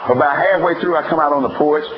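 A man's voice: on the high side, quick pace, over a noisy crowd. A man preaching a sermon as pastor, calling for answers from his congregation and acting out everyday family scenes to make his point. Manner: acts out homespun family scenes. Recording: slightly dull lo-fi church recording.

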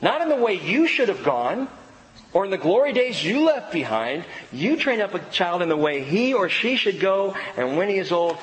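A middle-aged male pastor preaching a sermon with animated delivery, acting out the voices of children and parents. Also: on the high side, slight background noise. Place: church sanctuary. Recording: long reverb in a large hall, faint background ambience.

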